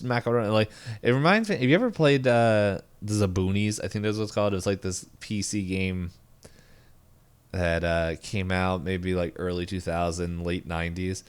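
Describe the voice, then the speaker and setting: Low, smooth-voiced man recapping. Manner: rambling, lots of fillers, acts out characters' lines in quick voices. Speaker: podcast co-host. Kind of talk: casual chat recapping a cartoon.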